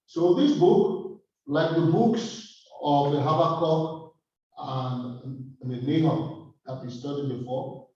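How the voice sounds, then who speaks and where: A man leads a Bible study in a church room, speaking slowly and hesitantly, often restarting his sentences. His voice is mellow and dark. It comes from far off the mic in a very echoey room, and the sound is dull. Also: on the high side, lively intonation. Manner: hesitant, with many fillers and restarts. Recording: distant echoey muffled room recording.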